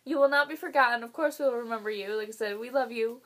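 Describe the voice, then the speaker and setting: A young woman chats through a reaction video, openly emotional and swearing freely. She laughs through tears and talks in a fairly high voice. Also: fast, a bit bright. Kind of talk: casual reaction chat.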